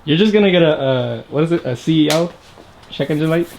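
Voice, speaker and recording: A man's voice: fairly high pitch, lively intonation, fast, vocal fry, darkish tone. A man helping friends work on a car in a home garage, cracking jokes as they go. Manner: wisecracking. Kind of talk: casual banter. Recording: noisy garage, ratcheting tools.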